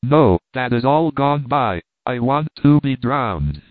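A man's voice: mid-range voice, animated, slow, dry recording. A sarcastic, irritable young man with a cutting tongue, voiced by a male reader. The audio is thin and phone-like, with no room sound. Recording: tinny phone-like line, dry.

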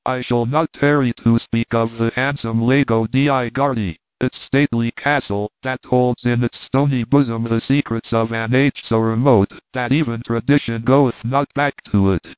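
A man reading a travel book aloud, steady and expressive, with mock-heroic flourishes. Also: mid-range voice, moderate pace, hardly any pauses, smooth, no echo. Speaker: audiobook reader. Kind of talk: scripted narration of a travel book. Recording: dry, narrow phone-like sound.

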